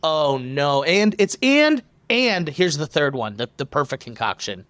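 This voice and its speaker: Playful, slightly high-voiced podcast host. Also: male voice, huge pitch swings, moderate pace, fairly bright tone, no echo. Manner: playful, enthusiastic. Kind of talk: casual podcast chat.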